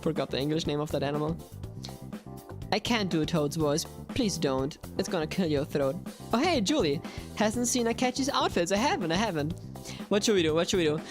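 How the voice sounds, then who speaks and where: A woman, a game streamer chatting playfully with viewers and repeating herself in excitement. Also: low voice, fairly quick, music in the background. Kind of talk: live-stream chat answering viewers.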